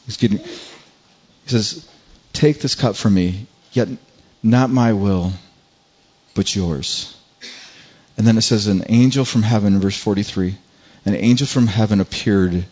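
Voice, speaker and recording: A man's voice: a little mellow, muffled recording. Repetitive, earnest man preaching a sermon. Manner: repeats words, builds to a higher pitch when emphatic. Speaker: pastor.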